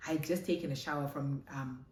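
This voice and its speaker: A young South African woman telling a casual storytime, animated and switching between English and isiZulu. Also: rumbling low, brisk, a little hiss or hum. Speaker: vlogger. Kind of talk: storytime chat. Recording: roomy echo.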